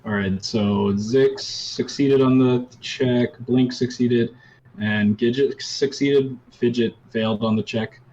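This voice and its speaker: A man runs a tabletop role-playing game, calling for rolls and describing scenes. He talks in a loose, relaxed way, full of ums and uhs, at a mid pitch. The recording sounds dull and lo-fi. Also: takes it slowly. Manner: relaxed, with many fillers. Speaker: game master.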